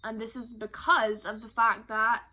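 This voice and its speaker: A woman's voice: fairly high pitch, little pitch movement, moderate pace, pushed and bright. A young woman from Barbados, talking candidly to camera about her life in a rambling, emotional way. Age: young adult. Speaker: vlogger. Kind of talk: personal talk to camera.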